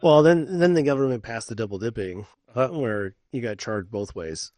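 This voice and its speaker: A middle-aged man co-hosting a casual podcast chat, telling stories in an animated way and swearing freely. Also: medium pitch, normal speed, dry recording. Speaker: podcast co-host.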